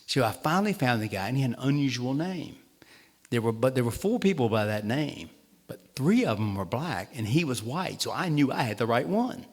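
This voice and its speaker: Speaking briskly with wide swings in pitch, this medium-voiced man spins humorous stories at his own expense. He's a state treasurer with a Southern accent, addressing a town hall, and the hall's long reverb carries his words.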